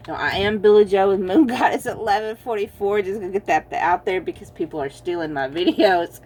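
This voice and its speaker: A woman does a casual tarot reading, chatty and teasing, laughing a lot and addressing her viewers as y'all. Her medium-pitched voice is a little mellow and moves slightly quickly.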